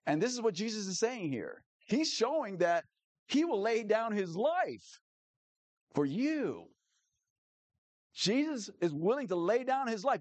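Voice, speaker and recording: Male pastor, lively and animated delivery, dry close sound. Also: high voice, a little slow, pauses often, no room sound. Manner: animated, repeats key phrases, asks the audience "okay?". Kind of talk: sermon.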